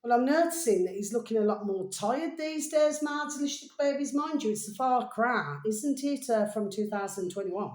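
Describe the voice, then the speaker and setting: A woman's voice: on the high side, lively intonation, moderate pace, hardly any pauses, a little mellow. A woman vlogging in a rambling, casual way, affectionately addressing her viewers as her babies, with many fillers and half-finished thoughts. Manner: fond, chatty, calls viewers "my delicious babies"; frequent fillers and trailing thoughts. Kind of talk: rambling casual monologue to camera. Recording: roomy, echoey sound.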